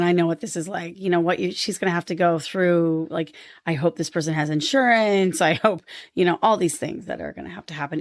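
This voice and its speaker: Woman podcaster chatting, low-ish voice, dead dry mic. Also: vocal fry, dry recording. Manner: earnest storytelling, animated when quoting others. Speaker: podcast co-host. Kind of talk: casual conversation.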